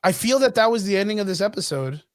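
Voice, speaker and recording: A man co-hosting a casual podcast chat, animated and profane, acting out scenes in quick put-on voices. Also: high-pitched, no room sound, clean studio sound. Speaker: podcast co-host.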